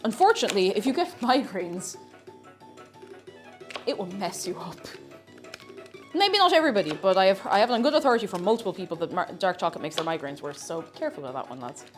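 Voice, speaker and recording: A woman live-streaming while she bakes, chatting casually. She bursts into excited squeals and shouts, then drops to soft mumbles and laughs. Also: mid-range voice, quick pace, long pauses, soft background music.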